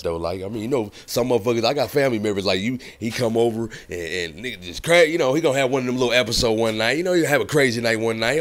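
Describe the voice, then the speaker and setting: A man's voice: medium pitch, racing. A man hosting a casual commentary vlog, rambling, profane and chiding, with frequent laughs. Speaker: host.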